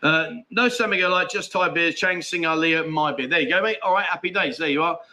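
A man's voice: on the high side, brisk, sharp tone. A man hosting a casual live stream, chatting and bantering with viewers and his co-host. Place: indoors at family home.

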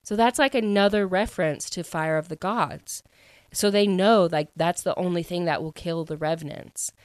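A woman telling a story in a relaxed, chatty way, with "like" and "um" scattered through her sentences. Her voice sits a little low. The sound is dry and close, with no room echo. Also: normal speed, clean tone. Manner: chatty, filler-heavy with frequent "like" and "um". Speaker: book recap vlogger. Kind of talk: casual plot retelling.

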